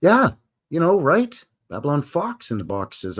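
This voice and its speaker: A man's voice: a little high, big pitch swings, a little slow, breathy edge. A man hosting a casual live stream, chatting, reading aloud and adding asides.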